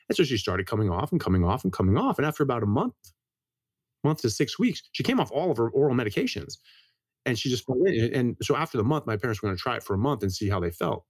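Middle-aged man, doctor guest, quick and lowish, stumbles and restarts, dry close sound. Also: no echo. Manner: rapid, repeats words and restarts phrases; lively storyteller. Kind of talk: casual interview talk.

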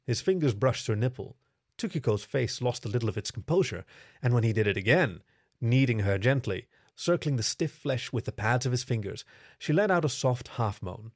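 A man reading a story aloud in steady, even scripted narration. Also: mid-range voice, moderate pace, no room sound, clean studio sound.

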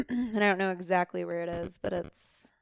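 A woman's voice: lowish voice, moderate pace, vocal fry, no echo, clean studio sound. A young woman guest on a podcast, chatting casually and laughing easily, with lots of "like". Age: young adult. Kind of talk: casual chat. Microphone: close podcast microphone.

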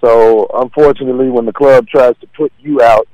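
A man's voice: mid-range voice, fairly even intonation, brisk, no room sound, muffled recording. A man, a comedian, talking casually in an interview, confident and laid-back as he tells stories. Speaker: comedian guest.

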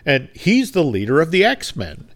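A man's voice: a little high, wildly swooping pitch, measured pace, a bit bright. A man co-hosting a podcast, casually retelling a behind-the-scenes anecdote and briefly acting out the quoted lines. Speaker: podcast co-host. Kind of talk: casual storytelling chat.

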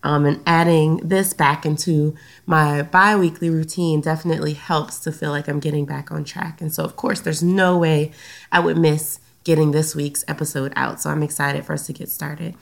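A woman's voice: deep voice, steady tone, moderate pace, vocal fry. Chatty Southern woman podcast host, a bit stuffy. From Louisiana, US. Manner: chatty, many "um" fillers. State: slightly stuffy from a sinus infection. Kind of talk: casual solo podcast talk.

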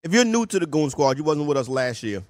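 A man's voice: a little high, very animated, fast, dry recording, clean studio sound. A man hosting a sports radio show, loose and joking, chatting with callers and co-hosts. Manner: loose, joking, talks while eating. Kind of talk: casual sports radio banter.

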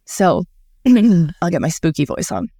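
A woman's voice: fairly low pitch, big pitch swings, slow pace, mellow, no echo, studio quality. A woman co-hosting a casual podcast, telling a history mystery in a chatty way with many fillers and small restarts. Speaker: podcast co-host.

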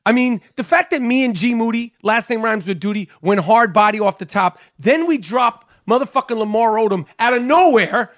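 A man's voice: very high-pitched, expressive, normal speed, few pauses, fairly bright tone. A man hosting a podcast in casual chat, brash and teasing, swearing often. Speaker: podcast host.

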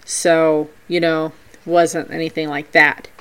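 A woman's voice: deep voice, slow, clear, resonant tone. A woman hosting a podcast, telling the stories of her paranormal investigations in a scripted but playful way. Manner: storytelling paranormal investigation accounts, animated and playful. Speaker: podcast host.

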